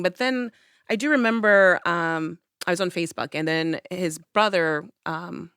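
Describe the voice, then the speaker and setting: Young woman on a podcast, kinda low voice, super smooth, tells her story and plays out what she said back then. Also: a little slow, no echo, studio quality. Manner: animated storyteller who acts out her own past lines. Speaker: podcast host. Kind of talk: casual chat, personal storytelling. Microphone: studio podcast mic.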